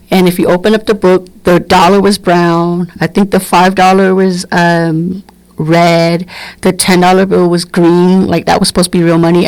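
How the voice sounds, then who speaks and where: A woman's voice: on the low side, dry recording, low-quality recording. A middle-aged woman, telling candid stories bluntly as a podcast host. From Brooklyn, New York. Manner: candid, blunt, animated storytelling. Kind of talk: casual storytelling monologue.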